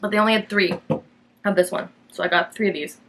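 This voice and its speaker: A young woman from Canada hosting a knitting podcast in a loose, chatty way. She rambles through her thoughts with plenty of fillers and small restarts, and her voice jumps up brightly whenever she quotes herself. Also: mid-range voice, steady tone, quick pace. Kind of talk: casual chat to camera.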